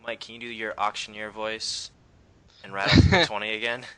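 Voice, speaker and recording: Bright-voiced man hosting a podcast. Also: lowish voice, normal speed, clear, resonant tone. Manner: relaxed, leads the talk with frequent ums. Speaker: podcast host. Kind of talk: casual podcast discussion.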